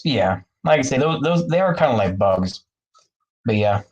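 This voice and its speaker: A man chatting loosely with his viewers at a middling pitch, stringing thoughts together with plenty of fillers. He wanders from point to point and laughs often along the way. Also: sing-song, measured pace, rough recording. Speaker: streamer talking to chat. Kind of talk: casual rambling chat. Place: bathroom, in the bathtub.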